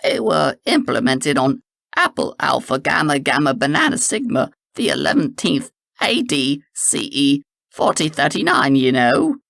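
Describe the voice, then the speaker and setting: A man voicing an eccentric, smooth-talking male time traveler in an audiobook, with a glib, officious delivery. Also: on the high side, sing-song, a little slow, fairly bright tone, no echo, clean studio sound, heavily acted.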